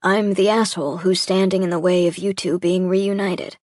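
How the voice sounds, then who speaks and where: A woman reading the lines of a distraught young man who talks in a halting, pained way, his voice breaking. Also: lowish voice, level tone, a little mellow, dry recording, clean studio sound, natural voice. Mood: bitter. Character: distraught young adult man, jealous boyfriend. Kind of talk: audiobook dialogue reading.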